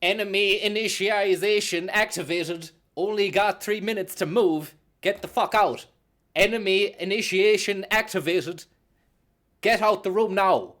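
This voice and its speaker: A man putting on a stiff, slow robot voice for a blunt male robot that barks warnings. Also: high-pitched, a bit bright, voice pushed up. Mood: commanding.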